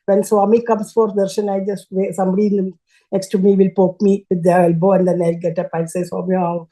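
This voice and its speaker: An older woman telling a personal devotional story as a guest, speaking haltingly and often restarting as she searches for words. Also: medium pitch, little pitch movement, warm tone, rough recording. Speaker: guest sharing a devotional testimony.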